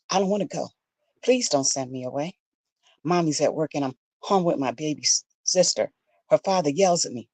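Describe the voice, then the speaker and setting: A woman's voice: sits low, no echo. A woman performing an intense spoken word piece, repeating lines and building to raised, pleading passages. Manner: intense, repetitive, building to shouted pleas.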